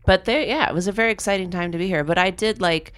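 A woman's voice: medium pitch, quick pace. A middle-aged woman, a guest actress, chatting casually and telling stories animatedly, peppered with "like". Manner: animated storytelling, lots of "like". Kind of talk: casual chat.

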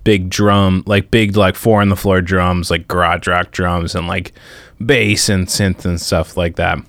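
A man's voice: low voice, level tone, unhurried, a bit bright, dry recording, studio quality. A man in casual podcast chat, laid-back and laughing often, full of filler words, talking while he eats. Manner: talks while eating. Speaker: musician guest.

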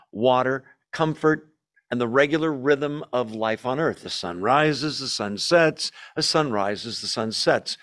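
A man preaching as a pastor, teaching verse by verse through a Bible passage in a conversational way, often asking his listeners questions. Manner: conversational, asks the audience questions, lively shifts in pitch.

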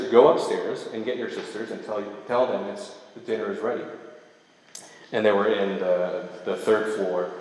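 A man preaching a sermon, reading scripture verses aloud and stopping to explain them line by line. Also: fairly low pitch. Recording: very echoey hall with long reverb.

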